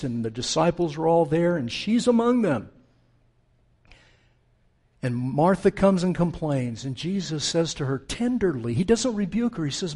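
A middle-aged man delivers a sermon in a fairly high voice. He preaches earnestly, letting his voice sink to a near hush when quoting tender words and climbing with force when he argues. The delivery swings between intimate and emphatic. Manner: earnest preaching with soft hushed quotes and forceful rises. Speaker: pastor.

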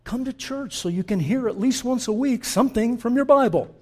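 A pastor from the Middle East preaching a sermon in a church, impassioned and direct with his congregation, dropping to a hush and rising loud again. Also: very high voice, fairly quick, husky. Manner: impassioned, shifts from hushed to loud; direct, talks straight to the congregation.

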